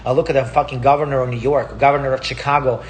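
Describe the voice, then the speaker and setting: Speaking fast at a medium pitch with a steady tone, a native Russian speaker rants casually and profanely in Palm Springs, heated and repeating himself. There's slight background noise.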